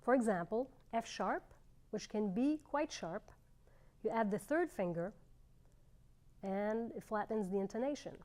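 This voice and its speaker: A middle-aged woman teaching clarinet, explaining fingerings in a clear, measured way with pauses. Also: mid-range voice, animated, a little mellow, slight background noise. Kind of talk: instructional demonstration.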